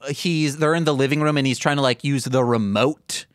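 A man's voice: medium pitch, a little fast, clear, resonant tone, no echo, clean studio sound. A man co-hosting a podcast, rambling through comedy ideas with lots of fillers and acted-out bits. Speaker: podcast co-host. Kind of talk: casual comedy brainstorming.

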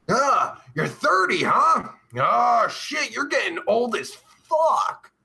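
A foul-mouthed man hosting a talk show, his voice gravelly and bright, swinging widely in pitch as he mocks, swears and laughs at the chat. His banter is crude and loose. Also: big pitch swings, very slow. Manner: profane, mocking, loud laughs. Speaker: podcast host reading live chat.

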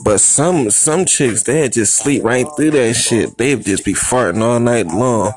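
A man's voice: mid-range voice, measured pace, faint music behind. A man telling a profane, rambling comic story, repeating himself and asking "you know what I mean". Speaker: comedian.

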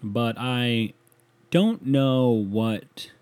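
A man's voice: medium pitch, lively intonation, extremely slow, darkish tone. A man delivering a profane, sarcastic comedic rant as a solo monologue.

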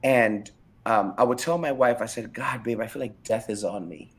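A man's voice: medium pitch, moderate pace. Emphatic middle-aged pastor telling his story. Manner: animated, emphatic storytelling with repeated phrases. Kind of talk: candid interview, personal testimony.

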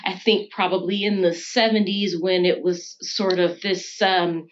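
An American woman talking things through at a measured, reflective pace, often reaching for fillers as she thinks. Her voice sits at a middle pitch, and the recording sounds slightly dull and muffled. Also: steady tone, slight background noise. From United States. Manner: thoughtful, frequent fillers like "you know" and "um". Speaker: guest. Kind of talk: casual conversation.

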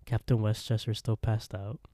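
Low dark-voiced man recapping casually. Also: little pitch movement, moderate pace, no room sound, studio quality. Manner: rambling, laughing, acting out quotes. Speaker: podcast co-host.

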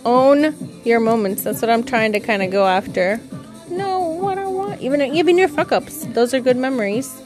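Chatty, rambling woman podcaster with a highish voice. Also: animated, moderate pace, music in the background. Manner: rambling, chatty, swears freely, laughs at herself. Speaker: podcast host; parent. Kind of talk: casual solo podcast chat.

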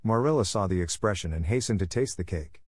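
A man narrating a classic storybook in a measured, steady reading. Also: low voice, slightly rough, no room sound, studio quality. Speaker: audiobook narrator.

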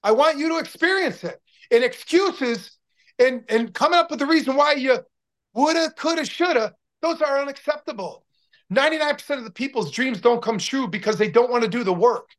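Former athlete guest, sixties, male; energetic motivational storyteller, restarts a lot. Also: extremely high pitch, brisk. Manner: upbeat, motivational, rambling with restarts. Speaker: interview guest, former pro football player. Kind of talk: casual interview storytelling.

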